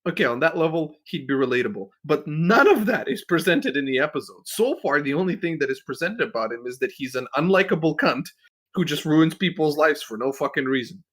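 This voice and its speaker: A man's voice: a little high, animated, brisk, fairly bright tone. A man hosting a podcast, ranting bluntly and with plenty of swearing as he critiques a video. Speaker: podcast host. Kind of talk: casual critique chat.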